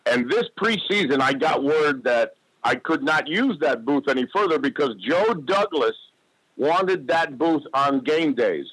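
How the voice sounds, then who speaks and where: A sports announcer, a man, tells a lively story as a guest. His voice is bright and slightly high, and it sounds dry and close with no room around it. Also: measured pace, husky, no room sound, poor audio. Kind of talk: casual interview storytelling.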